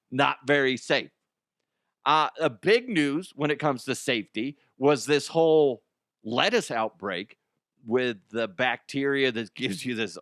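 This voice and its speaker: A man hosting a radio show, riffing on odd news stories in a loud, crude and profane way. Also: medium pitch, no echo, clean studio sound. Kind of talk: crude comedic news talk.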